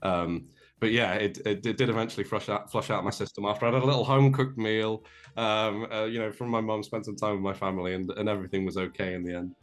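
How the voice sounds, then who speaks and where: A man's voice: lowish voice, steady tone, fast talker. A young English man, a guest on a remote call, telling a self-deprecating story in a rambling way, with many fillers and restarts. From England. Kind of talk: casual storytelling.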